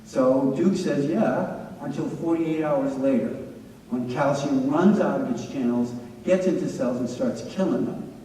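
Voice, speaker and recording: A man giving a lecture with anecdotes at a staff training, an energetic, animated storyteller who acts out quotes. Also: medium pitch, a little slow, slight background noise. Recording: echoey hall, distant mic.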